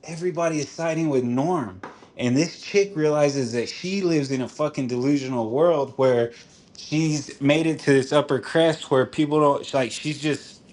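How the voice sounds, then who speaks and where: A man's voice: a little high, moderate pace, darkish tone. A man chatting casually on a stream, telling a long story in a rambling, profane way, saying "dude" a lot and laughing as he talks. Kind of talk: casual chat.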